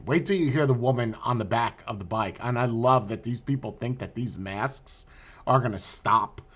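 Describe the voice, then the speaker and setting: A man's voice: medium pitch, a bit bright. A man hosting a podcast, reacting to protest clips with incredulous questions and stammering restarts. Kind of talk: commentary over video clips.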